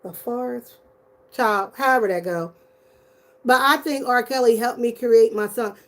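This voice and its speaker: A woman's voice: on the high side, measured pace. A middle-aged woman giving casual, blunt and profane commentary as a YouTuber.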